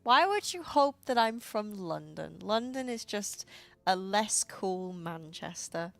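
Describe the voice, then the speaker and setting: A woman's voice: mid-range voice, sing-song, slow pace, vocal fry, no echo. Giggly woman from North Wales. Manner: giggly, easygoing. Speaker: esports caster. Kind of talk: casual live-stream chat.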